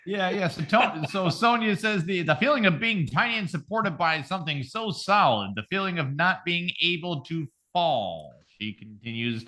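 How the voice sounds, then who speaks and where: A man's voice: sits high, lively intonation, normal speed, hardly any pauses, bright, forceful tone. A man co-hosting a comedy podcast, joking crudely and laughing often as he reads out a story. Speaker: podcast co-host. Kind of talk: casual comedy podcast banter.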